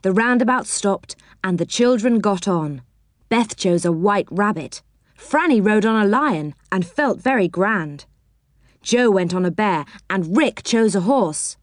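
A woman reads a children's story aloud in a warm, expressive storybook manner. Her voice is mid-range and a little slow. The recording is dry and close, with no room sound.

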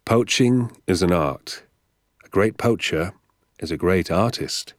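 A gentle, soft-spoken father, voiced by a man reading a storybook, talks in a hushed, measured way. His voice sits very low and moves slowly, heard close and dry. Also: no echo.

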